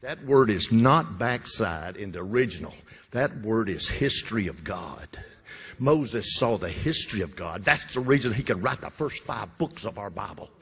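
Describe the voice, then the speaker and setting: Fervent preacher in a reverberant church. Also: male voice, lowish voice, lively intonation, moderate pace, dull audio. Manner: fervent, repetitive, with sudden loud bursts and drops. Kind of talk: Pentecostal-style sermon. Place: church sanctuary.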